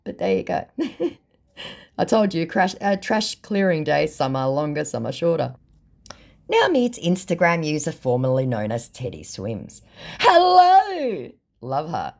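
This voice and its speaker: A woman's voice: sits low, very animated, a little slow, creaky, darkish tone. A woman casually telling a story, with dry, sarcastic amusement. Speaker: vlogger reading scam chats. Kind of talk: casual chat.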